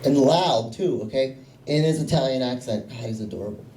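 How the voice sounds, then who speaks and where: A young man doing a stand-up comedy set, telling self-mocking stories in a deadpan way. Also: medium pitch, fairly quick, background noise. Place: small comedy club. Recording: echoey room, voice from a distance.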